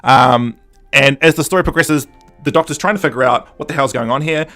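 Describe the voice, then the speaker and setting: A man hosting a podcast, recapping a story in a casual, animated way with lots of fillers. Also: medium pitch, a little fast, soft background music. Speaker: podcast host. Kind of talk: casual review chat.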